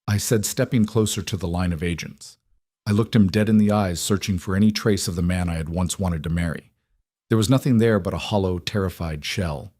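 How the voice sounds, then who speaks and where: A man narrating a scripted first-person drama story in a steady, dramatic way. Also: low voice, moderate pace, dry recording, studio quality.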